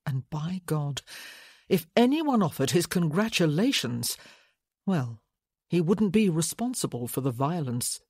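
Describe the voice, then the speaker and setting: Unhurried romance narrator, dry close sound. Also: medium pitch, sing-song, darkish tone, slightly rough, no room sound. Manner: slow, measured. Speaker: audiobook narrator. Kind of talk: scripted narration.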